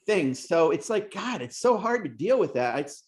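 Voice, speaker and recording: A man's voice: sing-song, moderate pace. A man hosting a racing podcast, talking in a rambling, emotional way and getting worked up as he goes. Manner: emotional, rambling, pitch rising when worked up. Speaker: podcast host and race announcer. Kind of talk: casual podcast interview.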